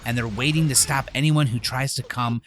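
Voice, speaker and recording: A man's voice: medium pitch, steady tone, a little fast, a bit bright, a little hiss or hum. A man hosting a retro game channel, recapping a game's story in a casual, offhand voice-over with the odd swear word. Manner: chatty, offhand, occasional swearing.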